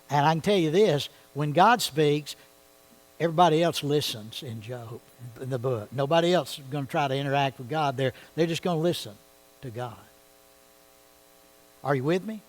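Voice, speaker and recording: Leading a Bible study in a church, this man has a voice that sits slightly high for a man, captured in poor audio. His manner is conversational, and he regularly checks in by putting questions to the audience.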